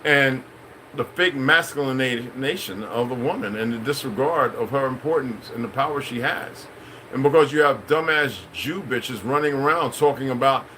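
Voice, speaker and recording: Middle-aged male vlogger with a sharp, bright voice. Rambling, cursing monologue over faint background hum. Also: mid-range voice, low-quality recording. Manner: rambling, profane, preachy. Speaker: channel host. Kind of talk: unscripted monologue.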